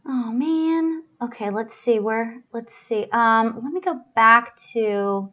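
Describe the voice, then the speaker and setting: A woman's voice: fairly high pitch, takes it slowly, muffled recording. A woman hosting a live stream as a psychic medium, chatty and flustered, apologizing and laughing as she gives readings.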